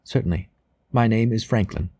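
A man reading as a steady, guarded priest. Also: on the low side, moderate pace, creaky, husky. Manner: steady, reserved, curt. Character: steady, guarded middle-aged male priest.

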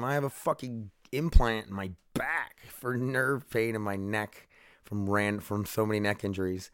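A man's voice: fairly low pitch, moderate pace, smooth, no echo, studio quality. A man hosting his own podcast, talking casually in a rambling, profane, self-deprecating way. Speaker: podcast host. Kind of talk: casual solo podcast chat.

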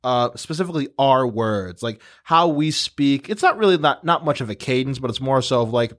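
A man's voice: mid-range voice, lively intonation, brisk, fairly bright tone. A young man hosting a casual podcast, rambling through a story with a lot of "like" and restarts. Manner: rambling storyteller, heavy use of "like". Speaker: podcast host. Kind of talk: casual chat.

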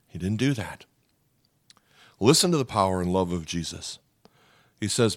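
A man's voice: sits low, moderate pace, pauses often, no echo, clean studio sound. A man preaching a sermon in an earnest way, repeating key lines and acting out quoted prayers. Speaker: pastor.

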